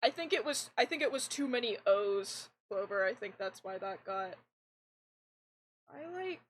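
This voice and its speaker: Chatting with her stream audience while she plays a game, a young woman speaks a little slowly in a mid-range, fairly androgynous voice. Her talk rambles, restarts often and stays animated. Her desk mic gives a low-quality recording with a little hiss or hum.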